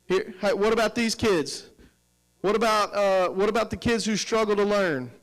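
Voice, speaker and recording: High-voiced man leading a staff workshop. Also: normal speed, poor audio. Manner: energetic, questioning, coaxing the audience. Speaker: professional development presenter. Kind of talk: teacher training workshop.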